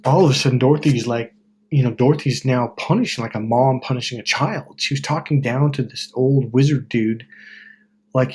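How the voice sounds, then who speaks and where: A husky-voiced man from Wisconsin talks straight to the camera in a loose, rambling monologue. He swears freely, restarts his sentences and corrects himself as he goes, at a middling pitch for a man. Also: normal speed, a little mellow. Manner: rambling, profane, self-correcting. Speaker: self-help video host. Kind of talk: casual monologue.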